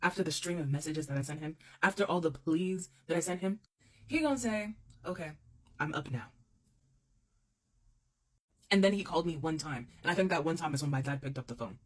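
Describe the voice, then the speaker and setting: Young adult woman, casual storyteller, expressive, repeats lines for emphasis. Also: deep voice, quick pace.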